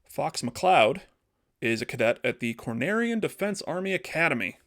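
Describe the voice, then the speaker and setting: A man casually telling a story on a podcast, animated and acting out the characters as he goes. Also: fairly high pitch, moderate pace. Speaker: podcast host.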